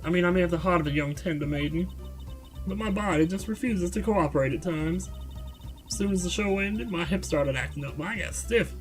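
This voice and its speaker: A man putting on a shrill, gushing old lady. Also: a little fast, soft background music, close to an everyday voice. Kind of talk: video game voice-over reading.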